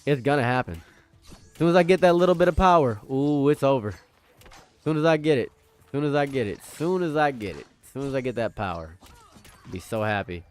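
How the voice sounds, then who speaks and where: A man's voice: medium pitch, lively intonation, a little fast, darkish tone, clean tone. A young man streaming, chatting casually and joking around, often repeating his lines for comic effect. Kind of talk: casual rambling stream banter.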